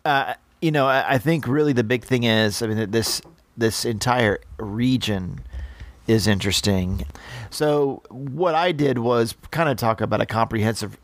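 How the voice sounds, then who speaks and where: A man's voice: mid-range voice, unhurried, dry recording. A man co-hosting a podcast in easygoing chat, often stammering and restarting. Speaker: podcast co-host.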